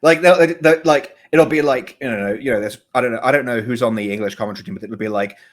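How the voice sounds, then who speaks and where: A man co-hosting a relaxed podcast, his voice sitting at an average pitch. He rambles, doubles back on his words and breaks into laughs often. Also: fast talker. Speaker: podcast co-host. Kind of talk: casual chat about soccer betting.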